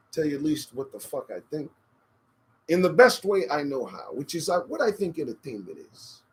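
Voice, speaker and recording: A man's voice: on the high side, rough recording. A man hosting a live-stream talk show, rambling in a profane, preachy and emphatic way into a desk condenser microphone. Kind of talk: casual live-stream monologue.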